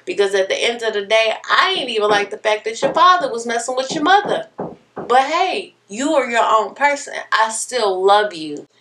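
A devout old grandmother lectures in a high, exclaiming, preachy voice, firm but loving, as a woman puts her on. The voice is bright. It sits some distance from the mic. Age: older.

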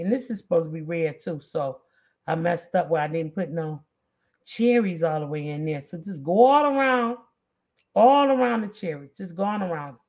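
A woman's voice: mid-range voice, creaky, a little mellow. A woman hosting an art stream, chatting casually with viewers as she paints. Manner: chatty, drawling, talks to viewers while painting.

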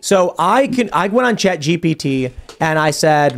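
Animated man telling a story, slightly high voice. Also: unhurried, gravelly, few pauses. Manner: animated storyteller, acting out quoted exchanges. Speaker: co-host. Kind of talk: political talk show discussion.

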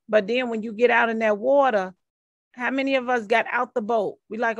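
Woman, teacher, slightly high voice, dry sound, call-and-response, lively. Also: fairly quick, no room sound, lo-fi sound. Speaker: Bible study teacher. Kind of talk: interactive church teaching.

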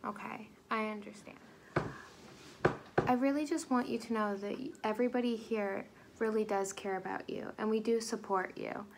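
A young woman narrating and playing a caring group home worker, calm and patient, in a student role-play scene. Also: medium pitch, normal speed, creaky, very noisy. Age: young adult. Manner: calm, gentle, patient questioning.

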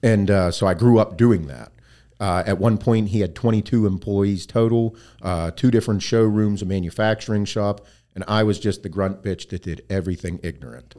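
A man's voice: fairly low pitch, normal speed, dark tone. A man as a podcast guest, animatedly telling profane stories about his working past and laughing along. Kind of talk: casual storytelling interview.

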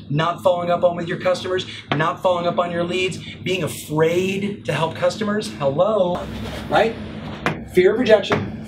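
Man, high voice, emphatic motivational sales coaching, noisy background. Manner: animated, emphatic, acts out example phone lines. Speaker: real estate sales coach. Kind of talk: energetic motivational talk.

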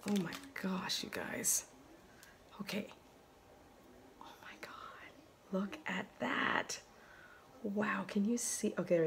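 A woman vlogging casually to her phone by a bright window at home, chatting and gushing over yarn with breathy exclamations. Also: fairly low pitch, noisy background. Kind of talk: casual chat to camera. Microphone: phone camera.

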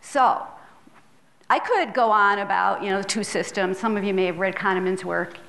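Her voice mid-range, gravelly, and fairly bright, a middle-aged public health professor lectures at normal speed in a filmed hall. Earnest and conversational, she checks in with the audience through tag questions and sometimes grows tearful.

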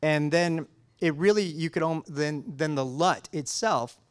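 A man's voice: fairly high pitch, a little slow, smooth. A man speaking as a color scientist guest in a casual technical interview, enthusiastic and full of restarts and fillers.

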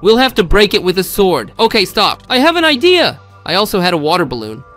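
A man giving excitable gameplay commentary, often shouting exclamations to his viewers. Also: sits high, a little fast, soft background music. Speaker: gameplay video host.

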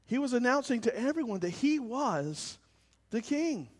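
High-voiced man preaching. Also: normal speed, slightly rough, in a large hall. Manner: animated, swings between shouting and quiet. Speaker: pastor. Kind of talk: sermon. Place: church service, with cars passing by.

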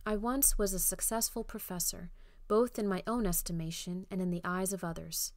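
A woman's voice: medium pitch, fairly even intonation, moderate pace, a little mellow, no room sound, clean studio sound, natural voice. A woman voicing a despairing man locked in an iron cage, speaking mournfully and full of regret.

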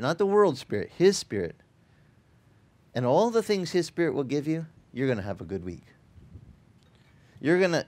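Animated middle-aged male pastor. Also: mid-range voice. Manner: animated, acts out quoted voices, repeats words. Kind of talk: conversational sermon with storytelling. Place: church in Hawaii.

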